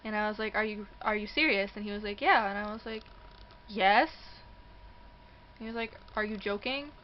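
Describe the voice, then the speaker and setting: A woman's voice: medium pitch, moderate pace, muffled recording, slight background noise. A young woman telling a personal story in a casual vlog, acting out the voices of the people in it and laughing often. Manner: animated, acts out quoted voices, laughs often. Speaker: vlogger. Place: indoors near a passing train.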